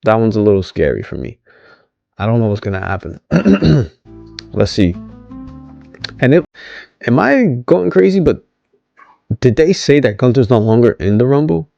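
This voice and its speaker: A man's voice: medium pitch, big pitch swings, moderate pace, vocal fry, long pauses, mellow, dry recording, highs cut off, soft background music. A man casually recapping a wrestling show, rambling with many ums, restarts and questions to viewers. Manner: rambling, hesitant, many ums and self-corrections; asks viewers to comment.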